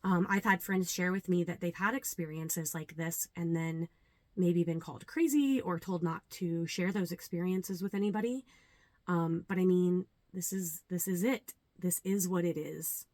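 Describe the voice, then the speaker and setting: A young adult woman, a yoga teacher, talking earnestly and reflectively to camera, with many ums and pauses. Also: fairly low pitch, a little mellow, no echo. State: a little nervous. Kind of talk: casual talk to camera.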